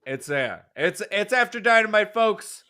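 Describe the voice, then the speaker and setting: A young man hosting a casual wrestling recap chat, upbeat and animated, with frequent stumbling restarts. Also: high voice, unhurried. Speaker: host.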